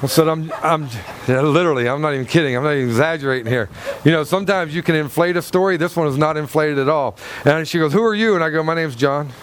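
Over a little hiss or hum, a man with a highish voice and fairly even intonation preaches in rapid-fire fashion. He reads scripture, tells an anecdote, repeats and restarts himself, and checks in with the congregation with "Amen?" and "Okay?"

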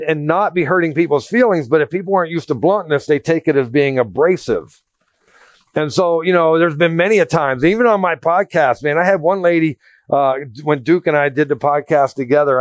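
A man's voice: fairly high pitch, no room sound. A man preaching a sermon as a pastor, blunt and conversational, telling stories with self-deprecating humor.

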